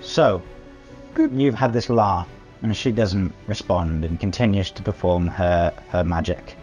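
A man's voice: sits low, measured pace, darkish tone, soft background music. A man narrating a tabletop game as game master, hesitant and dotted with fillers.

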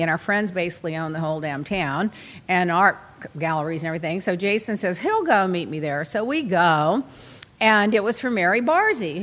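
A middle-aged woman hosting, telling a casual story in an animated, dramatic way with lots of exclamations. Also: fairly low pitch. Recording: long reverb.

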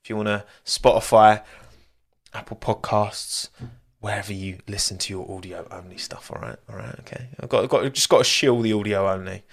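A man's voice: lowish voice, fairly even intonation, brisk, vocal fry. A young man hosting a live-streamed podcast, chatting casually and rambling, often laughing at his own asides. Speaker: podcast host.

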